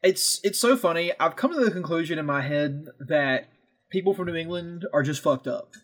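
A man's voice: a little high, expressive, normal speed, a bit bright, breathy edge. A man co-hosting a podcast, talking in brash, teasing banter and swearing freely. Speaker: podcast co-host. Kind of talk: casual profane banter.

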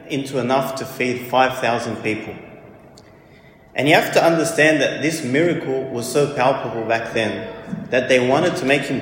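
A man's voice: mid-range voice, slight background noise. A man preaching a homily, retelling scripture earnestly and repeating key questions. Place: church. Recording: very echoey church hall.

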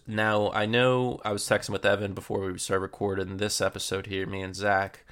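Podcast host, young man, deep gravelly voice, laid-back match previews. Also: normal speed, hardly any pauses. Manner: relaxed, filler-heavy match previewing. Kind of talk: casual football podcast chat.

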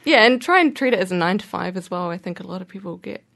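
A woman, a guest on a radio interview, talking in a relaxed, thoughtful way that often trails off. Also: mid-range voice, fast, vocal fry. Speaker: guest illustrator.

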